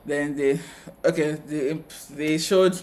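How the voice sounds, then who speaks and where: A man co-hosting a casual TV review chat, retelling scenes with quick asides. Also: on the high side, fairly even intonation, darkish tone. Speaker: co-host of a TV review channel.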